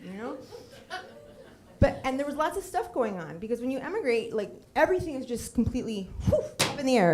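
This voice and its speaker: A middle-aged woman from Puerto Rico giving a personal storytelling talk with slides. She is humorous, lively and often drifts into tangents and acted quotes. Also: a little high, quick pace. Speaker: storytelling speaker on stage.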